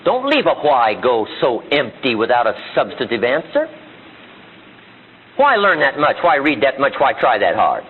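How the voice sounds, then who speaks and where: A man's voice: medium pitch, huge pitch swings, moderate pace, husky. A middle-aged man giving a motivational seminar speech, full of rhetorical questions and acted-out quotes. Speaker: motivational speaker. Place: seminar room with audience. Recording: tinny phone-like archive audio.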